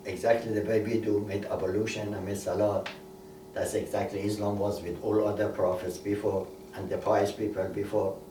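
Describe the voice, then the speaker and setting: A man's voice: fairly low pitch, darkish tone, slight background noise. Preacher man in an echoey room. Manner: storytelling, repeats key words for emphasis. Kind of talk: sermon. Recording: echoey room, voice a bit far from mic, faint ambience.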